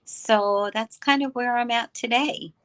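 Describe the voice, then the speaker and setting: Bright-voiced older woman from New York. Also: on the high side, unhurried, clean tone. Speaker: guest. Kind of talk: casual interview chat.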